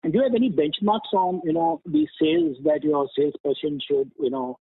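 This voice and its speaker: A man, an analyst, asking questions on an earnings call, lively, with many fillers. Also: sits high, a little fast, creaky, husky, no echo. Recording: dry tinny phone line.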